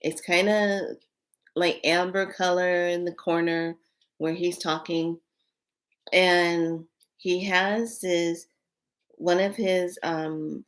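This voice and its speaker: A woman vlogger telling a story casually to camera, animated and exclaiming, with frequent fillers. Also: fairly low pitch. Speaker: spiritual vlogger.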